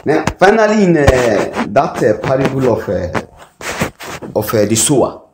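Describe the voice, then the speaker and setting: A man with a Nigerian English accent preaching a sermon, often pausing to ask the congregation "what?" so they fill in the word. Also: mid-range voice, animated, noisy background. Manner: call-and-response, asks the congregation "what?" to fill in words. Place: church hall. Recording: echoey hall recording.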